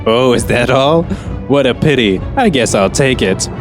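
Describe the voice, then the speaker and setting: A man's voice: mid-range voice, animated, over music, close to an everyday voice. A man hamming up a pompous scheming villain. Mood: smug. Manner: theatrical, drawn-out, mock-polite. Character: pompous scheming male villain in a trench coat. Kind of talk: comedic script reading.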